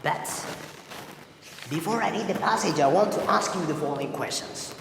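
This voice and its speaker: A man's voice: high-pitched, animated, vocal fry, noisy background. Emphatic male teacher in an echoey room. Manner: emphatic, stretches example words slowly. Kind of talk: classroom lesson to students. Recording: echoey room with long reverb.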